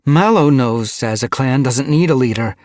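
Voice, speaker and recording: A man voicing a worried, stubborn female medicine cat in a storybook reading, raising his voice high and pleading. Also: normal speed, vocal fry, darkish tone, breathy edge, no echo, clean studio sound, heavily acted. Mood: defiant. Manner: raised pitch for a she-cat, earnest and pleading.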